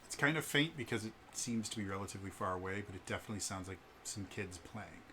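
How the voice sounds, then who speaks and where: A man narrating as game master in a tabletop game, unhurried and halting, with many fillers. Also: on the low side, expressive, noisy background.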